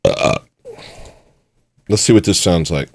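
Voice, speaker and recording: A man's voice: low voice, slow, no room sound, studio quality. A man hosting a livestream, talking bluntly and rambling in a self-mocking way. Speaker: livestream host. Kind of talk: casual livestream rant.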